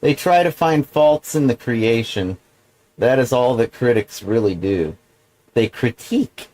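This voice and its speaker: A man of middle pitch hosts a solo livestream and drifts from one tangent to the next. He swears casually and often backs up to restate himself. His delivery stays loose and unhurried. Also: lively intonation, darkish tone, rough recording. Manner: meandering, profane, digressive. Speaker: livestream host. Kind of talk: rambling solo livestream monologue.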